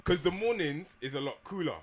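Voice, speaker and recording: A man's voice: medium pitch, lively intonation, normal speed, a crowd in the background. A young man, co-hosting a podcast, rambling and laughing in casual chat. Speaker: podcast co-host.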